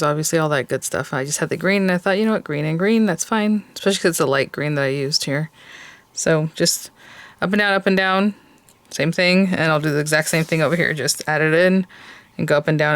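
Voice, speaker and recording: A woman's voice: deep voice, clean tone, no room sound. A woman hosting a casual crafting tutorial, chatting and thinking aloud as she works and gushing over cute details. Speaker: crafting channel host.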